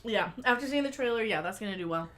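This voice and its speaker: A woman co-hosting a casual livestream chat with quick interjections. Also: medium pitch, animated, fairly bright tone. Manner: quick interjections, laughs easily. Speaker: co-host.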